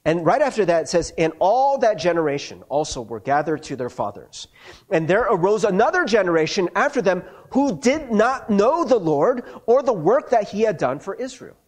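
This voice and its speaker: A man with a fairly high, husky voice delivers a sermon in a chatty, conversational manner. His pitch swings widely as he checks in with listeners and restarts his sentences. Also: a little mellow. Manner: conversational, frequent rhetorical "right?" and restarts. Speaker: pastor.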